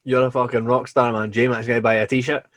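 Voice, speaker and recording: Swearing Scottish podcast host, dry sound. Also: male voice, mid-range voice, a little fast, dry recording. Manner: animated, laughs often, swears casually. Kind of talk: casual chat.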